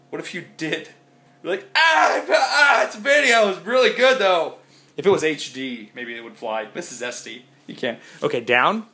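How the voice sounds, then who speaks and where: A man chatting in a rambling, jokey vlog from his house, still sick, swinging from loud outbursts to mumbles. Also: mid-range voice. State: sick, congested. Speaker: vlogger. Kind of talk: casual vlog chat.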